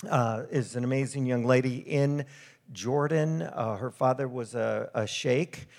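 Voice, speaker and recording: A middle-aged man, a missionary ministry speaker, giving a storytelling sermon with slides in an animated, conversational way. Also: mid-range voice, measured pace, vocal fry.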